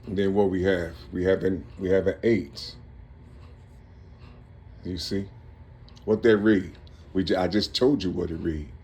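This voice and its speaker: A man recording himself in a rambling monologue, working through numbers and letters aloud with halting restarts and asking "you see?" again and again. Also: deep voice, steady tone, dark tone. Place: Cincinnati, Ohio.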